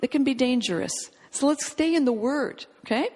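Fervent female preacher, fairly high voice, emphatic delivery, long hall reverb. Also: expressive, moderate pace, a little mellow. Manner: fervent, emphatic, reads scripture aloud. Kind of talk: sermon.

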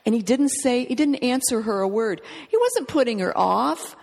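A woman's voice: a little high, expressive, moderate pace, vocal fry, darkish tone, in a large hall. A woman preaching a fervent, emphatic sermon, reading scripture aloud and urging her listeners on.

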